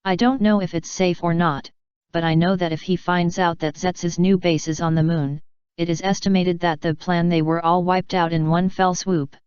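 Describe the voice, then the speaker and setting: A woman's voice: on the low side, steady tone, moderate pace, a little mellow, clean tone, no echo, muffled recording, close to an everyday voice. Woman reading as a nervous little white creature. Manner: anxious, hesitant. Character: nervous small white plant-like male creature.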